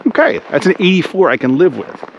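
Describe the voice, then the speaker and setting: A man's voice: high-pitched, very animated, brisk, muffled recording, background noise. A man casually vlogging while strolling through a snowy cemetery, rambling and thinking aloud with lots of "like". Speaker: travel vlogger. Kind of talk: casual walking vlog. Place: snowy cemetery outdoors in winter.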